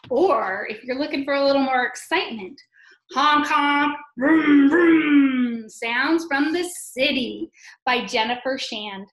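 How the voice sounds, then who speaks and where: A woman hosting a children's library storytime, talking in an animated, sing-song way with gasps of delight. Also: on the high side. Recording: echoey room.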